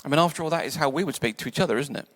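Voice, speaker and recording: A man preaching a sermon in a church, conversational and playful, sometimes dropping to soft quiet tones. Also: a little high, racing. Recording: church hall reverb.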